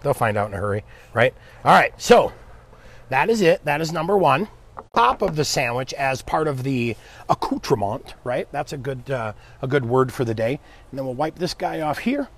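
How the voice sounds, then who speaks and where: A man hosts a live cooking stream, chatting upbeat with viewers and his helper while he cooks. His mid-range voice has lively intonation and a moderate pace.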